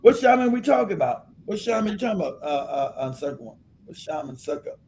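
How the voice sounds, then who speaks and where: A man's voice: high-pitched, big pitch swings, quick pace, darkish tone, slight background noise. A man co-hosting a casual talk show, joking and riffing loosely with his co-host. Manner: joking, riffing, acting out silly voices. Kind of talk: casual podcast banter.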